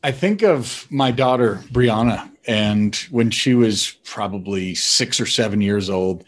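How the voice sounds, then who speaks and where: A man, a father, telling an earnest personal story about his family. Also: on the low side.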